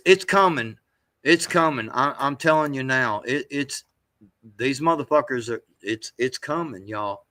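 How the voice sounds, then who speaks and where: A man's voice: mid-range voice, a bit bright. A man hosting a show, reacting to clips in rambling, profane casual commentary with many restarts. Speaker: show host.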